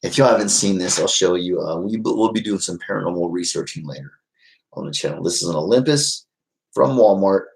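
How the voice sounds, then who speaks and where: Deep-voiced man, casual streamer, rambling and sincere. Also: a little fast, vocal fry, low-quality recording. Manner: rambling and heartfelt, many fillers. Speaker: vlogger reading live chat. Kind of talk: casual livestream chat.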